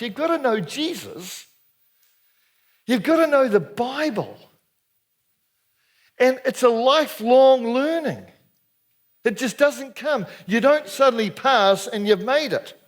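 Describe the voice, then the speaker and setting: Speaking to a men's gathering, this older New Zealand preacher from the Anglican church delivers a storytelling sermon in a high, widely swinging voice. He's playful and chatty, cracks jokes and regularly asks his audience questions.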